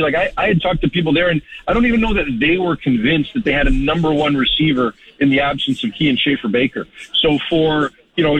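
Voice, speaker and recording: A man's voice: a little high, husky. A man who is a sports reporter, talking as a guest on a phone-in interview with lots of "you know" and "right". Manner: conversational, many fillers like "you know" and "right". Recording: tinny phone line.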